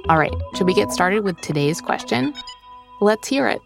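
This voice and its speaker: A woman hosting a scripted children's cooking podcast, explaining steps in a clear, friendly, steady way. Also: medium pitch, moderate pace, music in the background. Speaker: host and magazine editor.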